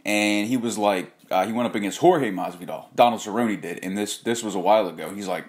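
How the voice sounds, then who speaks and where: A man's voice: fairly low pitch, brisk. A man hosting a casual rant vlog, talking in a rambling, profane way with frequent restarts and self-corrections. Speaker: host.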